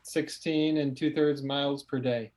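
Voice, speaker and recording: A man's voice: fairly high pitch, steady tone, unhurried, darkish tone. A man on a comedy game show panel, speaking in a matter-of-fact way. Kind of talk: casual chat.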